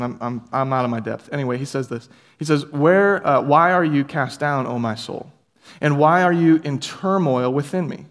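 A man's voice: fairly high pitch, big-room sound. A man preaching a sermon as pastor, earnest and conversational, building up to emphatic passages. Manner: earnest, rising to emphatic peaks. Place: church sanctuary.

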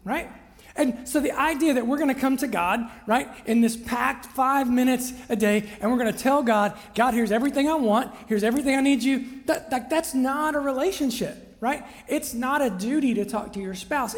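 A man preaching a conversational sermon as pastor, often checking in with his listeners. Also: very high-pitched. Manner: chatty, checks in with listeners by asking "right?". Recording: long reverb of a large hall.

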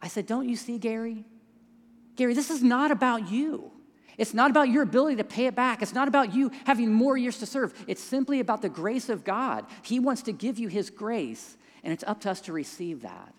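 A man telling a story in a sermon, dropping to hushed tones in quiet moments and rising when he stresses a point. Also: very high voice, lively intonation, a little fast. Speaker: pastor. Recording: long hall reverb.

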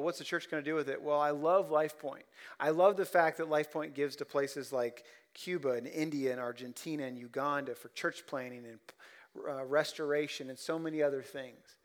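A male pastor preaching a sermon, telling stories and swinging between quiet, soft moments and loud, emphatic ones. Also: a little high, normal speed.

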